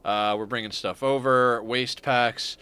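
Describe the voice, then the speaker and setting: A man's voice: mid-range voice, steady tone, unhurried, pushed and bright, clean tone. A man streaming a game, chatting casually in a rambling, profane way and laughing often. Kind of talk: casual gaming stream chat.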